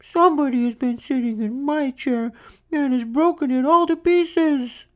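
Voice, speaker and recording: A man voicing a small boy bear cub with a sharp, shrill, wailing voice in a storybook read-aloud. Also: measured pace. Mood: upset wailing. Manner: wailing, upset.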